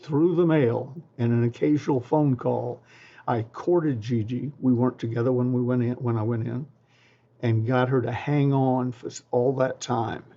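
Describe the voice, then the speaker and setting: An older man tells folksy stories and practical advice in a mellow, relaxed voice, pausing with ums and restarting his sentences. The recording sounds dull and slightly muffled. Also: mid-range voice. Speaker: interview guest, sales trainer. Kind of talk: storytelling advice.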